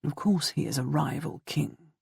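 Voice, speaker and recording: A woman's voice: fairly low pitch, moderate pace, no echo, clean studio sound, close to an everyday voice. A woman doing a blunt noble husband. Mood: steady. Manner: blunt, matter-of-fact. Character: stern middle-aged noble husband, blunt.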